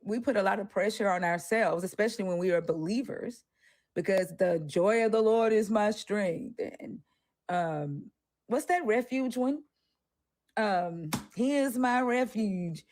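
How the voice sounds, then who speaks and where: A woman's voice: mid-range voice, measured pace, no echo, clean studio sound. A woman co-hosting a casual discussion, talking bluntly and animatedly, swearing freely. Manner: animated, swears freely, acts out quoted voices. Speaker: co-host.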